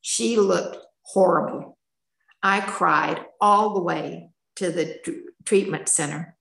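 An older woman tells her own story to a meeting, candid and full of feeling. Her voice sits low with a gravelly edge. The room around her rings with echo. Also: slow pace, a bit bright. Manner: emotional, candid, chatty storytelling. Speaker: speaker sharing her story at a recovery meeting. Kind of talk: personal testimony.

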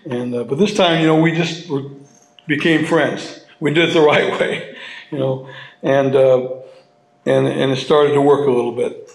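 A man sharing his personal story with an audience at a recovery meeting, halting and heartfelt, restarting and repeating his words as he goes. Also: mid-range voice, fairly even intonation. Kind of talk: personal testimony to a live audience. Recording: roomy hall sound.

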